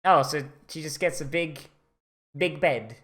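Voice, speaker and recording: A streamer rambles through a casual anime watch-along, full of fillers and swearing. The voice sits at a middling pitch and is excitable. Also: unhurried.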